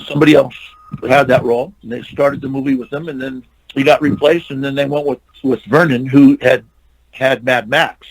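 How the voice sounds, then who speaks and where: In a laid-back interview, an aging stuntman and actor spins meandering anecdotes, restarting often and quoting what people said. He has a mid-range voice, a steady tone, and a moderate pace, captured on a low-quality recording.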